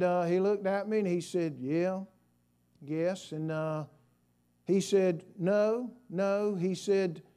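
A man preaching in a church with a high, light voice. He tells a story quietly, then rises into loud, fervent bursts of praise and calls to the congregation. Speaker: pastor. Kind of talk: sermon. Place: church sanctuary.

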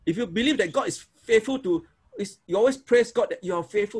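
Husky-voiced man preaching casually. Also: high voice, a little fast. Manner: repetitive, informal, demonstrates prayers aloud. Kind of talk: sermon teaching on prayer.

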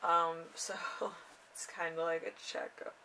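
A young woman giving a casual tarot reading in an unhurried, rambling way with drawn-out fillers. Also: sits low, little pitch movement, gravelly, pushed and bright, far from the mic, a little hiss or hum, low-quality recording. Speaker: tarot reader.

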